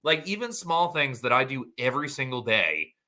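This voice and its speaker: A man's voice: mid-range voice, very animated, moderate pace, pushed and bright. A man co-hosting a casual farm podcast, joking and laid-back, swearing casually. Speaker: podcast co-host, butcher. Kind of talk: casual chat.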